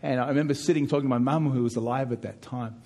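A middle-aged man preaching a sermon as pastor, emphatic, with frequent repeated words as he pushes key points louder and higher. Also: fairly even intonation, fast.

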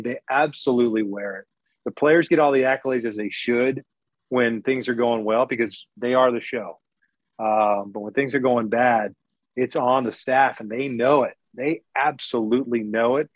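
A man's voice: medium pitch, no room sound. Middle-aged male guest, frank and plain-spoken, stop-start delivery, dull dry lo-fi sound. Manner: candid and blunt, with sarcastic asides; talks in quick bursts with many restarts. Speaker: interview guest, former baseball broadcaster. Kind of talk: casual interview talk. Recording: dry, slightly dull lo-fi recording.

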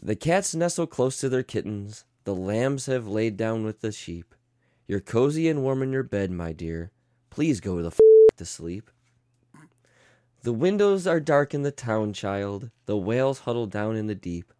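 A man's voice: on the low side, lively intonation, moderate pace, darkish tone, smooth, no echo. Brief: man, podcast co-host, dry close mic, reads a sweary bedtime story in a mock-lullaby tone. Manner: profane, laughing, reads in a mock-soothing tone. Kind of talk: casual chat and reading a story aloud.

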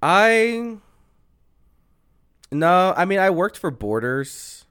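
A man's voice: sits high, big pitch swings, extremely slow, fairly bright tone, clear, resonant tone, no echo, clean studio sound. A man hosting a casual podcast, talking in a blunt, profane way. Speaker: podcast host.

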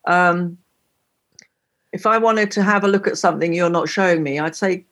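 Chatty storytelling woman with a husky voice. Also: lowish voice, normal speed, long pauses, a bit bright. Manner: chatty storyteller, playfully demonstrates slang. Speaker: guest musician. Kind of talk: casual conversation on a call.

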